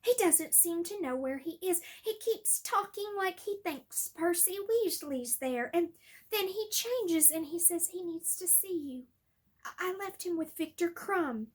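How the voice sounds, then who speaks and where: A woman's voice: very high-pitched, animated, measured pace, voice pushed up. A woman voicing a panicked teenage boy wizard who talks urgently and breathlessly.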